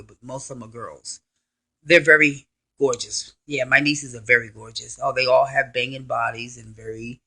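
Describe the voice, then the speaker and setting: Man in his thirties, bright-toned, rambling and self-correcting through a self-interview. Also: fairly high pitch. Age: 30s. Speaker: vlogger.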